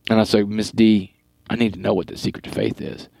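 A middle-aged man from Texas, a guest telling his life story in an earnest, animated way with quoted dialogue. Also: fairly low pitch, a little fast, creaky, no room sound. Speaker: guest speaker. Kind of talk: storytelling interview.

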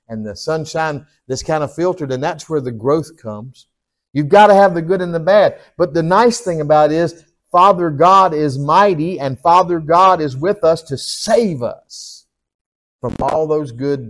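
A man preaching a sermon as pastor, folksy and animated, often chuckling and asking the congregation for an amen. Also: on the high side.

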